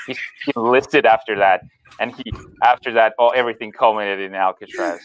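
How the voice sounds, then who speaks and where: A man co-hosting a podcast, telling rambling stories with deadpan jokes in casual chat. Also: fairly low pitch, fairly quick, background noise. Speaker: podcast co-host.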